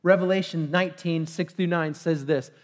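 A man preaching a sermon in a church, excitable, bursting into shouts and then pulling himself back in. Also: on the high side, normal speed. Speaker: pastor. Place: church sanctuary.

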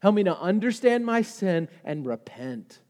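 High-voiced man preaching in a reverberant hall. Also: unhurried. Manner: builds from calm teaching to loud, urgent preaching. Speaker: pastor. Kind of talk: sermon. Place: church sanctuary. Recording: long reverb of a large hall.

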